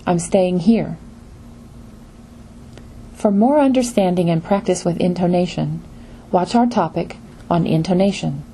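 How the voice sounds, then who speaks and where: Brief: woman, mellow scripted lesson narrator, slow and even, faint noise behind. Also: fairly low pitch. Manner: slow, even lecture delivery. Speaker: pronunciation teacher.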